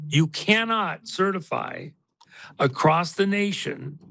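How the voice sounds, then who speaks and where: A man's voice: high voice, expressive, slow pace, vocal fry, bright, forceful tone. A male guest on a political talk show who speaks in an emphatic, insistent way.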